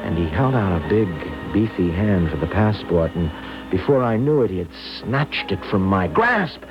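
A man's voice: sits low, sing-song, normal speed, dull audio, over music. An actor playing a timid, nervous young man who stammers and hesitates, in old-time radio acting. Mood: nervous storytelling.

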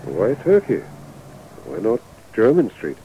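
An actor playing an urbane, dryly witty middle-aged father, speaking in a measured way. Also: lowish voice, wildly swooping pitch, phone-quality sound, slight background noise, exaggerated voice. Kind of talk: radio drama acting.

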